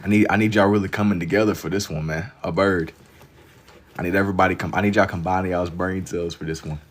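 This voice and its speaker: A young man with a notably deep voice hosts a live drawing stream from home. He talks casually, reading viewer guesses and teasing them in loose slang. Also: fairly even intonation, fast talker. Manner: playful, teasing, reads chat aloud with slang. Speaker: livestream host. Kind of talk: casual livestream chat.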